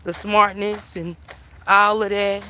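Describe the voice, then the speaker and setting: A middle-aged woman hosting a livestream, telling stories in an animated, emphatic way, with plenty of swearing, while she walks outdoors and talks into her phone. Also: medium pitch, slow. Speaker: livestream host. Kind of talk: casual storytelling chat. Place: outdoors, walking through town.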